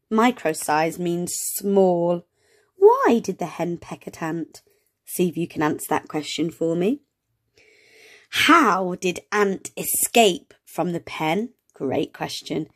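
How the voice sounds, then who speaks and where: Woman, slow unhurried reading, gentle, encouraging, sounds out words for kids. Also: fairly low pitch. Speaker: teacher reading an early reader aloud. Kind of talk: children's read-along lesson.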